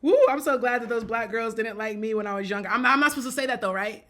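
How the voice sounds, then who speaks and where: A woman's voice: on the high side, fast talker, few pauses, fairly bright tone. A woman giving casual spoken commentary in a blunt, joking way, often repeating herself and breaking into laughter. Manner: repeats and restarts phrases.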